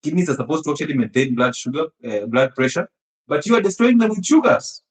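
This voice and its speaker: A man with a fairly high voice lectures about health in an emphatic, teasing way. He laughs often and pelts his listeners with rhetorical questions. The sound rings in a reverberant room. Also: lively intonation, fast talker. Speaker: health speaker. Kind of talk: animated health talk. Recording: echoey room.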